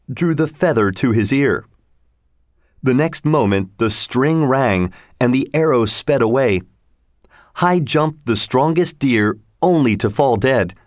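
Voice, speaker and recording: A man reading a storybook aloud in a measured, even way. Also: medium pitch, dry recording, clean studio sound. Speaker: narrator. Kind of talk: scripted storybook narration.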